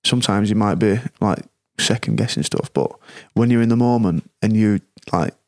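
A man's voice: on the low side, normal speed. Man, casual chat, co-host, encouraging, agreeable. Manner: encouraging, frequent agreeing backchannels.

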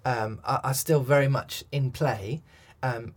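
An accent coach speaks in a mid-range, unhurried voice. He answers interview questions thoughtfully, often restarting and saying "um."

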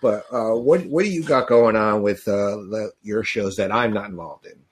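A man's voice: fairly low pitch, moderate pace, breathy edge. A man co-hosting a podcast, chatting casually while watching a movie, rambling and laughing often. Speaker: podcast co-host. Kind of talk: casual chat during a movie watch-along.

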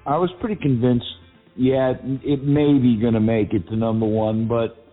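A man's voice: medium pitch, steady tone, normal speed. Man with a Massachusetts accent on a tinny line. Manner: rambling, self-deprecating, lots of fillers. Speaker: guest singer-songwriter. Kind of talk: casual call-in chat. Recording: tinny phone-like line with faint music.

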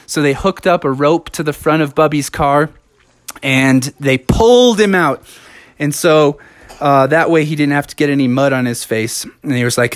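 A man's voice: a little high, moderate pace, dry recording. Rambling male storyteller, dry close sound. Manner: rambling, with fillers and self-corrections. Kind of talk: improvised live storytelling.

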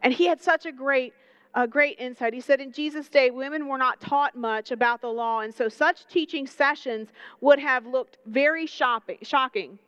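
Young woman preacher, high voice, dry and close, chatty and animated delivery with lots of questions to the crowd. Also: normal speed, clean tone, no room sound, muffled recording. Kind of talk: sermon.

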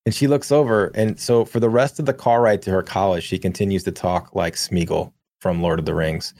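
A young man co-hosting a podcast, telling a long profane anecdote in a rambling, animated way. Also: low voice, a little fast, dry recording. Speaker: podcast co-host. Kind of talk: casual storytelling.

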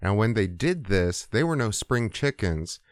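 A male podcast host tells a crude, comic story in a relaxed, profane voice with lots of hesitant fillers. His voice is on the low side and sounds dry and close, with no room echo. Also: unhurried, smooth.

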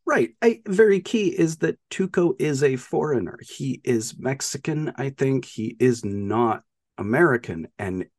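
A man's voice: medium pitch, expressive, a little slow, darkish tone, dry recording, studio quality. A man co-hosting a podcast, casually and animatedly retelling a film's plot with lots of "like" and "uh". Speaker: podcast co-host. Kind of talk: casual film discussion.

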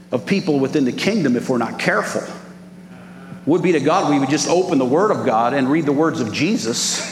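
High-voiced preacher in an echoing hall. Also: male voice. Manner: animated preaching with crowd call-outs. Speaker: pastor. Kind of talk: sermon. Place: large church hall. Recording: echoey hall with background noise.

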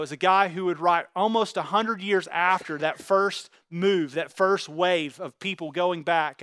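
A man's voice: high-pitched, a bit bright, smooth, dry recording, studio quality. A man preaching a sermon, retelling scripture in plain everyday words with fervor. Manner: fervent, paraphrases scripture in plain talk. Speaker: pastor.

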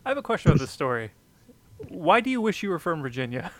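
A man's voice: a little high, big pitch swings, fast, no room sound. A man hosting a podcast interview in casual chat, with dry, joking asides. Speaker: podcast host.

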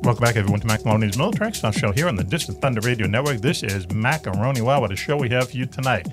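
A man's voice: mid-range voice, lively intonation, rapid-fire, music in the background. A middle-aged man with a Boston accent, hosting a talk radio show in a loose, rambling, jokey way. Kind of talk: casual chat.

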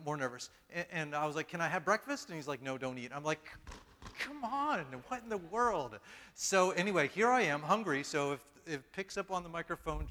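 A man's voice: a little high, bright, forceful tone, long reverb tail. A man preaching a casual, self-deprecating sermon to his congregation, stumbling and restarting his sentences often. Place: church hall.

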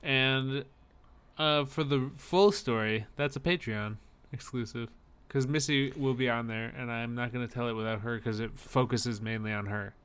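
Man, young adult, podcast co-host, casual chat, bright tone, smooth clear voice. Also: mid-range voice, fairly even intonation, moderate pace. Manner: storytelling, acts out quoted people.

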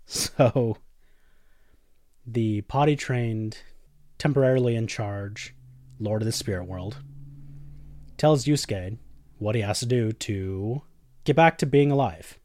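A man's voice: lowish voice, slow, long pauses, a little mellow, no echo, studio quality. A man hosting a podcast, casually recapping episodes and swearing often, jumping into characters' lines. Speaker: podcast host.

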